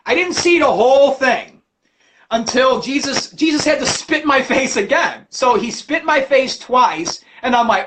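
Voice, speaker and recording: A man hosting a livestream, ranting about religion with constant cursing and animated storytelling. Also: extremely high pitch, normal speed, a little hiss or hum. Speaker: livestream host. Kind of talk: profane religious rant.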